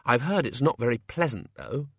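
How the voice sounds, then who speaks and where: A man voicing a sharp, no-nonsense young woman who talks bluntly and wearily. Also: mid-range voice, lively intonation, slightly rough, no room sound, studio quality. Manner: brisk, weary and blunt.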